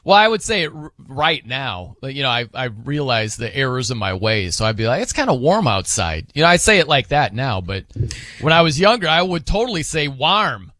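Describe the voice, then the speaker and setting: Lively, bright-voiced male radio host. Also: mid-range voice, fairly quick, no echo. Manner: lively, laughing, tells anecdotes. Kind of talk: casual on-air banter. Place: radio studio.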